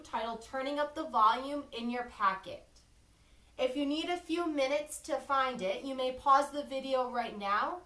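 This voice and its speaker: A woman teacher reading a lesson to young children, slow and clearly enunciated, encouraging them to repeat after her. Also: sits high, pushed and bright, far from the mic. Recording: echoey room, a bit off-mic.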